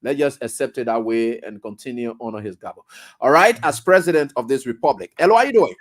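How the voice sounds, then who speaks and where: A man with a Liberian accent hosting a radio call-in show, brisk and quick to laugh, hurrying callers along. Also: medium pitch, lively intonation. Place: radio studio.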